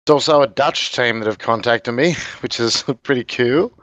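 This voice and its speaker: A man's voice: mid-range voice, moderate pace, fairly bright tone, no echo. A man with an Australian accent, chatting casually on a podcast, a rambling storyteller who laughs often. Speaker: podcast guest, game video maker. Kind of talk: casual chat.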